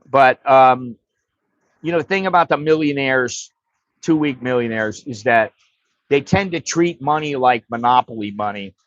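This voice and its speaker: A man's voice: medium pitch, moderate pace, dry recording. A middle-aged American man telling stories on a livestream, blunt and profane, rambling and restarting his sentences. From United States. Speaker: livestream host. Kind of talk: casual livestream storytelling. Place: home livestream setup. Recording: dry, dull lo-fi stream audio.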